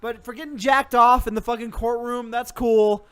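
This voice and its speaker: Very high-voiced man ranting angrily. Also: steady tone, moderate pace, fairly bright tone, clean tone. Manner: angry, swearing constantly, mock-threatening. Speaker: host. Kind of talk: comedic profane rant.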